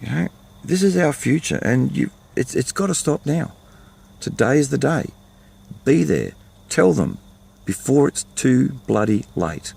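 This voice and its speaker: Older Aussie bloke, gravelly and fired-up, blunt rant from his vehicle. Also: mid-range voice, expressive, measured pace, a little mellow. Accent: Australian. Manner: fired-up, ranting, blunt and repetitive. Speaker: vlogger. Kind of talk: impassioned monologue to camera.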